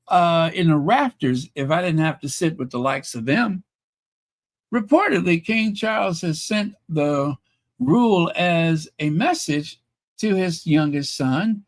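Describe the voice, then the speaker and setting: A man hosting a live stream, reading royal news reports and viewer comments, then adding sarcastic, chatty asides with fillers. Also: fairly high pitch. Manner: chatty, with fillers and self-corrections. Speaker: YouTube royal news host.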